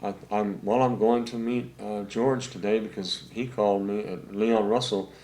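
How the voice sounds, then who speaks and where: An older man, a session saxophonist, telling rambling anecdotes in a relaxed interview, full of fillers. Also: on the low side, moderate pace, a little hiss or hum. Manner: rambling anecdotes with many fillers, acts out quotes.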